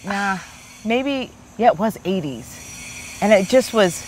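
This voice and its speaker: A woman in her fifties, a therapist hosting, telling a personal story in a relaxed, animated chat. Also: medium pitch, slow pace, a little hiss or hum. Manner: chatty, animated storyteller with many "like"s. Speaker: therapist and host.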